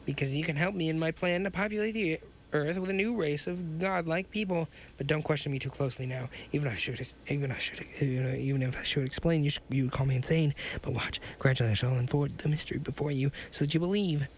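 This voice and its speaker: A sinister hunchbacked mad scientist, voiced by a man reading a pulp story aloud. He rants in a grandiose way, with a voice sitting a little high for a man. A faint hiss hangs under the reading. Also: quick pace, hardly any pauses, natural voice. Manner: grandiose, ranting.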